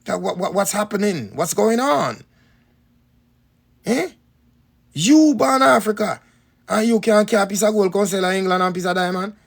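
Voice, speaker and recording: Gravelly Jamaican man preaching. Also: high-pitched, lively intonation, brisk. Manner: repetitive, emphatic, rhetorical questions. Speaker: spiritual teacher. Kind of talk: preaching talk to followers.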